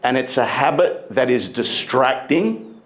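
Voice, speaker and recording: A man giving a motivational keynote speech on a conference stage, emphatic and deliberate, stretching key words. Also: mid-range voice, expressive. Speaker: keynote speaker.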